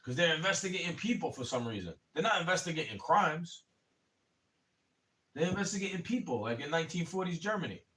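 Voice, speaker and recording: In a rambling, profane livestream monologue, a man with a somewhat high, expressive voice rants at a slightly fast pace, repeatedly calling his listener "bro." His anger climbs until it breaks into shouted bursts. He sits a little back from the mic, so his voice sounds slightly distant.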